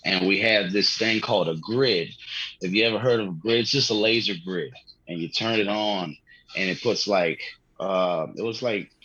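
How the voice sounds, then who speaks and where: Husky-voiced man telling stories, dull audio. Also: sits low, sharp tone, no echo. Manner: rambling, slangy, swears, laughs often. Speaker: comedian guest. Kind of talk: casual podcast storytelling.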